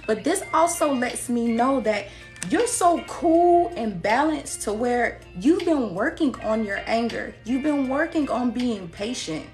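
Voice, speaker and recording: A woman's voice: on the high side, expressive, a little slow, faint music behind. Sassy blunt woman giving a reading. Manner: sassy, blunt, laughs often, acts out quoted people. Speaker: tarot reader. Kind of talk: casual spiritual reading to viewers.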